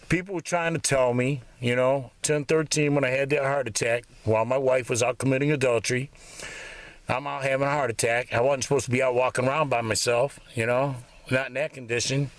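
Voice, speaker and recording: On a dry recording, a medium-pitched man in his fifties vlogs a rambling, bitter rant. Profanity runs through the whole monologue as he swears constantly.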